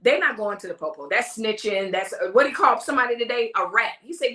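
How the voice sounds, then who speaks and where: An animated woman chats with her viewers on a casual live stream, mimicking the people she talks about. Her voice is bright and forward. It echoes in a home room. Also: a little high, brisk, hardly any pauses. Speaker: host of a live talk stream.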